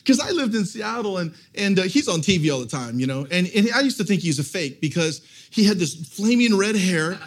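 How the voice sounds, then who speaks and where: Husky high-voiced male preacher. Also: brisk, few pauses. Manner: animated, self-mocking, restarts when excited. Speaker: guest pastor. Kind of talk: humorous sermon storytelling. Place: church service.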